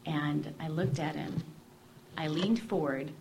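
A woman telling her personal faith story in an expressive, conversational way, often dropping to a hushed voice. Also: deep voice, takes it slowly, vocal fry, a little hiss or hum. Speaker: guest sharing her testimony.

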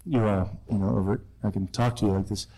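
A middle-aged man, a priest, telling his life story to a room of students in an animated, self-deprecating way that swings between loud and hushed. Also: on the low side, fast talker, poor audio. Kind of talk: personal testimony talk to students.

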